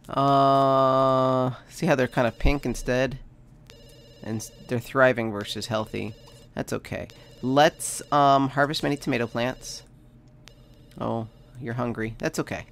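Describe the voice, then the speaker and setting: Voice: mid-range voice, vocal fry, a bit bright. A let's play host giving casual gameplay commentary, chatting away and talking to the game characters with bursts of mock panic.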